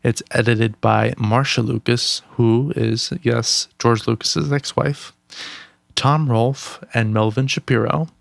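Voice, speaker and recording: Very gravelly man hosting a podcast. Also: mid-range voice, steady tone, slow pace, no echo. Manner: upbeat, teasing, reads notes aloud. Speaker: podcast co-host. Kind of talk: casual chat.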